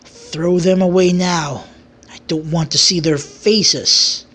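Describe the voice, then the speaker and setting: A narrator voicing a stern king who scolds and sentences his traitor brother in a homemade fantasy story, giving slow commands. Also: medium pitch, fairly even intonation, fairly bright tone, slightly rough.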